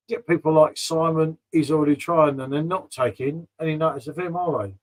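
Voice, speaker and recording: A man's voice: on the high side, fairly bright tone, low-quality recording. A man, hosting a casual livestream chat over beers and talking in a laid-back, matey way. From England. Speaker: livestream host.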